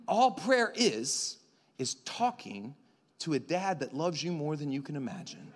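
Man, pastor, sermon, high voice, long hall reverb, joking, conversational. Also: moderate pace. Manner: animated, conversational, jokes and acts out voices.

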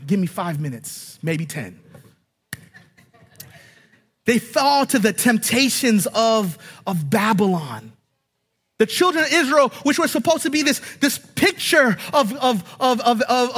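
A man preaching a sermon, animated and emphatic, asking rhetorical questions and swinging between loud and hushed passages. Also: very high-pitched, slightly rough, in a large hall.

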